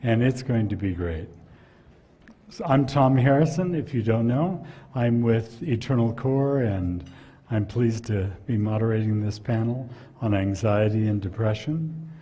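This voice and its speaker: A man's voice: medium pitch, unhurried, mellow, breathy edge. A man moderating a conference panel, introducing the panelists in an upbeat, jokey way.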